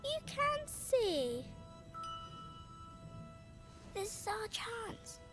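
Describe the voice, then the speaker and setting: A woman voicing a frightened little blind girl in a game, pleading softly and timidly. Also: extremely high pitch, very animated, slow pace, full character voice. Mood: urgent. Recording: game audio under loud music.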